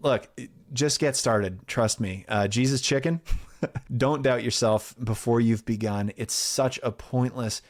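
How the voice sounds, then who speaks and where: A man with a mid-range voice chats casually through a stack of viewer questions. He is candid and relaxed, laughs easily and drops the odd swear. The sound is close and clean from a home studio mic in a treated room. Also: medium pitch, unhurried. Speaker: YouTube narrator answering viewer questions. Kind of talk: casual chat.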